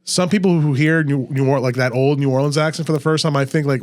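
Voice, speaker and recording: A man's voice: fairly high pitch, steady tone, quick pace. A man from Louisiana hosting a casual podcast chat, explaining local history and pronunciations at length. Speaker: podcast host.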